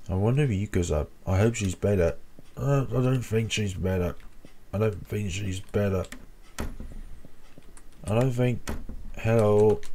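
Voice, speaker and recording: A man's voice: lowish voice, dark tone. A young man playing a horror game, reading the dialogue aloud and adding sarcastic, joking asides. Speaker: let's play gamer.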